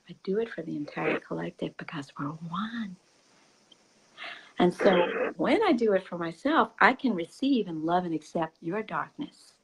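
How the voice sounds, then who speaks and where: Soft-spoken woman sharing spiritual reflections. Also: lowish voice, creaky, slight background noise, rough recording. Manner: soft and intimate, often dropping to a whisper; laughs easily. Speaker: spiritual teacher.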